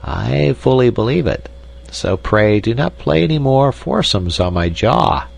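A man's voice: medium pitch, lively intonation, a little slow, gravelly, voice pushed up, exaggerated voice. A man voicing a lazy, querulous male weasel king in a storybook reading, snappish and whiny.

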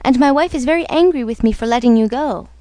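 A woman's voice: fairly high pitch, fast, warm tone, no room sound, close to an everyday voice. A woman voicing a poor, timid old fisherman in a storybook reading, with a quavering, pleading way of talking. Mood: meek.

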